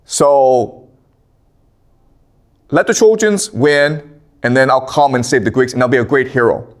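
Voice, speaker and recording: A man voicing a proud, sulking young male warrior in a retold myth, speaking slowly and deliberately. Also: medium pitch, voice pushed down, lightly acted. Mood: scheming.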